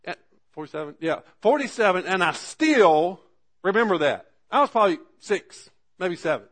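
Preacher guy in his forties, kinda high voice, folksy rambling sermon, keeps asking for amen. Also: lively intonation, normal speed, a bit bright. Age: 40s. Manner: folksy storytelling with frequent restarts and call-and-response "amen". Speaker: pastor.

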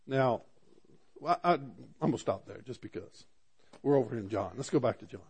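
A man's voice: mid-range voice, animated, moderate pace, darkish tone, husky. Man, middle-aged, preacher, sermon, scripture reading, questions to the congregation, stammering restarts. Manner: conversational preaching, reads scripture aloud, asks the congregation questions.

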